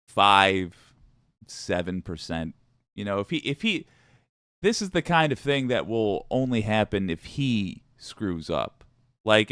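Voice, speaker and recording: A man's voice: medium pitch, fairly bright tone, dry recording, clean studio sound. A man hosting a political commentary show, talking casually with wry, profane, rambling asides.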